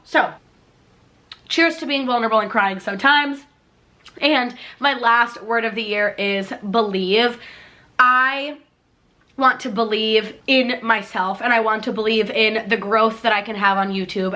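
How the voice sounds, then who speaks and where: A woman's voice: a little high, bright, forceful tone. Young woman vlogging, earnest and heartfelt, lots of "like", casual chat. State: tearful at moments. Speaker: YouTube vlogger. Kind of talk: casual talk to camera.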